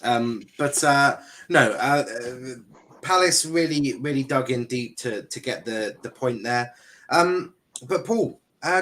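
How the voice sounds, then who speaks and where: A man's voice: medium pitch, a bit bright. A man hosting a casual football panel show, talking with plenty of ums and blunt banter. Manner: hesitant, lots of fillers, blunt banter. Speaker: host.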